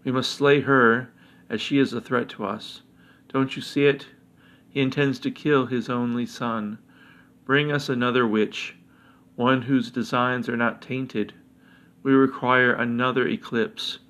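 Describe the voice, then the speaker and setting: A man's voice: mid-range voice, fairly even intonation, unhurried, a bit bright, natural voice. A man voicing a suspicious, hostile dragon who growls his words urgently.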